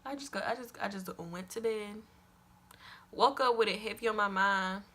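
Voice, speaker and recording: A young woman telling a personal story in a storytime vlog, animated and emphatic, repeating lines for effect and swearing casually. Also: mid-range voice, normal speed. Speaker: vlogger.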